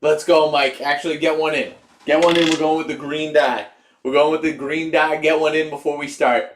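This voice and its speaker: A man's voice: on the high side, fairly even intonation, brisk, slight background noise. A young man hosting a live stream, chatting casually, cheering and teasing his viewers. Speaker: livestream host.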